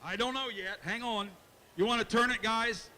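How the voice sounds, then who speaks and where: A man working as a livestock auctioneer at a county fair, chanting bids in a fast rhythm and joking folksily with bidders. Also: high-pitched, bright, forceful tone, big-room sound, slight background noise. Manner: folksy, jokes with bidders and kids. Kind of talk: rapid auction chant and announcements. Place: county fair show arena.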